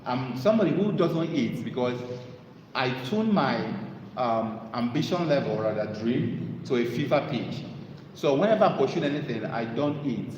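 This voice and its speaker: A man giving a motivational talk to an audience, telling stories and pitching his mentorship. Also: lo-fi sound, slight background noise. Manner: animated storytelling, sales pitch. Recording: echoey hall with long reverb.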